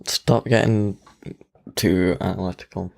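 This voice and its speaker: A low-voiced man with a creaky, gravelly tone co-hosts a casual podcast, trading sarcastic jabs with his partner. He is crude and dry and often drops to a mutter for an insult. He talks into a desk mic that he keeps bumping. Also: fairly even intonation, a little slow, slight background noise. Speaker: podcast co-host. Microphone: studio mic he keeps bumping.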